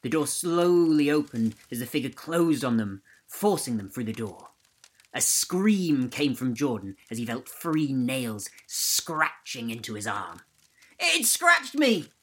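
A man hosting a podcast, reading a ghost story aloud in a steady, measured way. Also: mid-range voice, rough recording. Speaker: podcast host and narrator.

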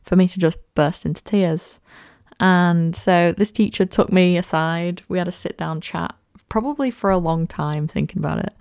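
A young woman in her early twenties speaks candidly on her own podcast, reflective and chatty. Her voice sits a little low, with a gravelly fry and a mellow tone. The sound is dry and close. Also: normal speed, no room sound. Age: early 20s. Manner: candid and reflective, chatty with many "like" and "you know" fillers. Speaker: podcast host. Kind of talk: personal podcast monologue.

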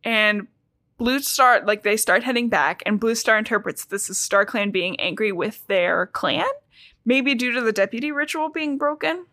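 A woman's voice: on the high side, moderate pace, bright, forceful tone, no room sound. A woman co-hosting a podcast, recapping a book in chatty, irreverent casual talk full of "like" and casual swearing. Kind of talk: casual chat.

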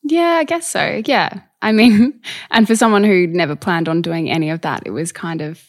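A young woman from South Australia talks in a low, soft voice. She sounds modest and laughs easily as a podcast guest in relaxed conversation. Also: normal speed. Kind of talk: casual interview chat.

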